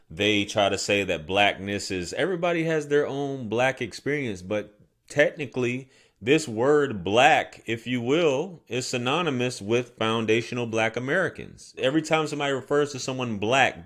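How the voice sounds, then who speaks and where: A man hosting, talking through his reaction to a clip in a conversational, explanatory way. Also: medium pitch. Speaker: commentator. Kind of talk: reaction commentary.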